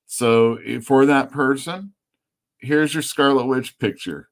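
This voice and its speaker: A man who owns a comic store, chatting loosely on a live stream, rambling and swearing casually. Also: mid-range voice. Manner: chatty and rambling, swears freely, quick laughs. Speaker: comic store owner and show host.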